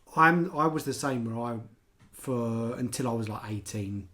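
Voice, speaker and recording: A man co-hosting a casual podcast chat, calm and easygoing, given to gentle laughs. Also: mid-range voice, moderate pace. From England. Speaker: podcast co-host.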